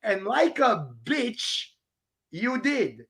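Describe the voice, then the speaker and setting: A man's voice: extremely high pitch, very animated, drawn-out words, a bit bright, husky. A man hosting a livestream outdoors, ranting and mocking a rival with profane jokes and laughter. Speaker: livestream host. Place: outdoors on a walk in the rain.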